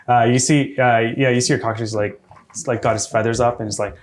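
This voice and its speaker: A man running a tabletop game as game master, hesitant with many fillers and quick to laugh. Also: mid-range voice, animated, crowd noise.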